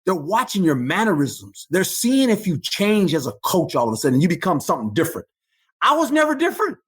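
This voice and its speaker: Animated husky older man telling stories. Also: high-pitched, a little fast. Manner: animated, repeats phrases, emphatic bursts. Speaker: guest, former football coach. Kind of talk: storytelling interview.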